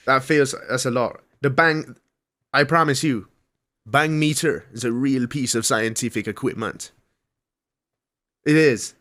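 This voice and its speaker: A man's voice: medium pitch, slow, pauses often, a bit bright. A man hosting a comedy radio show, reading mock news in a jokey newsreader manner. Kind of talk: comedic retro radio banter.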